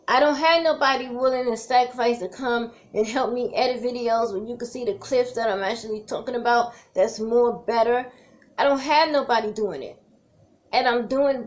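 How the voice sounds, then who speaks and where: A woman cancer survivor talking straight to camera in a heartfelt, repetitive, emotional way, encouraging her viewers. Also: fairly high pitch. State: tearful at times. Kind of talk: heartfelt direct-to-camera vlog.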